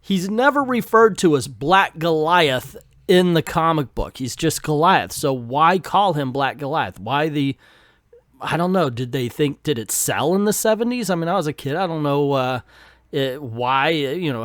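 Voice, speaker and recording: A man's voice: a little high, expressive, normal speed, fairly bright tone, dry recording. A man in his fifties reviewing a comic book casually, with sarcastic asides.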